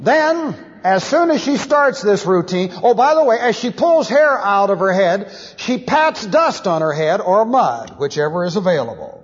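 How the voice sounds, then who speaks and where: A man teaching a Bible study sermon, animated, acting out sounds and wails as he explains. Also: high voice. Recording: dull lo-fi audio in a reverberant hall.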